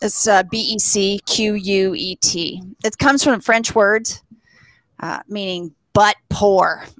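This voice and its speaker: A woman from Texas doing a live stand-up set, self-mocking with deadpan asides and laughing at her own jokes. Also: medium pitch, takes it slowly, no room sound. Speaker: stand-up comedian. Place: studio stage with live audience.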